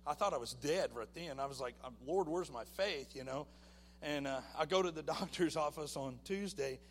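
A man giving a personal testimony at church, telling his story with lively acted-out voices. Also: a little high, brisk, long reverb tail, a little hiss or hum. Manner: animated storytelling, acting out voices.

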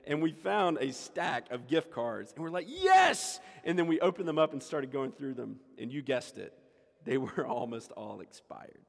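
A man's voice: medium pitch, moderate pace, vocal fry. A man preaching a sermon as pastor, emphatic and repeating his key lines for the congregation. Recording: echoey hall with long reverb.

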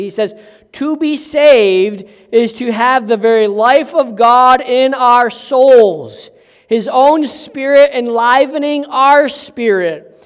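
An older man preaching a sermon as pastor, slow and emphatic, mixing scripture with family stories. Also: extremely high pitch, long reverb tail.

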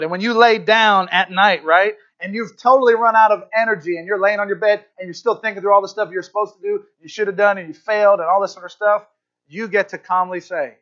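A man preaching a sermon in church, earnest and conversational, often checking in with his listeners with quick asides. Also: sits high, fairly even intonation, fairly bright tone, muffled recording. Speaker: pastor.

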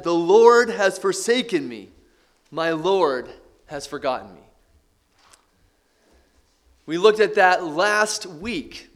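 A man's voice: high-pitched, fairly bright tone. A man preaching a sermon as a pastor, stretching out key phrases for emphasis.

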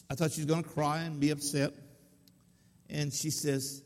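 A male pastor telling a story in a sermon, folksy and conversational, often putting questions to his listeners. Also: fairly high pitch. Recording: long reverb of a hall.

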